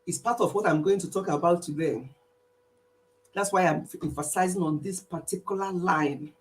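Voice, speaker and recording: A woman's voice: lowish voice, moderate pace, a little mellow, far from the mic, poor audio. Woman host, earnest prayer and chat, playful teasing, video-call sound. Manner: earnest, repeats herself, teases listeners playfully. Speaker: host leading an online praise and health session. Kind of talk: casual spoken prayer and chat.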